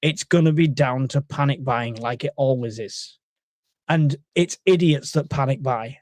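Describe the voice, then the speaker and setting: A man's voice: medium pitch, measured pace, a little mellow, dry recording. A man co-hosting a casual live stream and reading out the chat, joking and hesitant, with many fillers.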